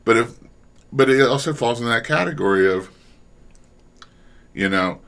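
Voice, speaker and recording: A man who directs voice actors, talking reflectively in a relaxed panel discussion and often restarting his sentences. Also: medium pitch, moderate pace, vocal fry. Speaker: audio drama director.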